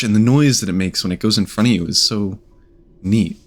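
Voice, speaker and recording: A man's voice: fairly low pitch, fairly quick, a bit bright, faint music behind. A man running a tabletop game as game master, narrating in a hesitant, trailing way with many fillers.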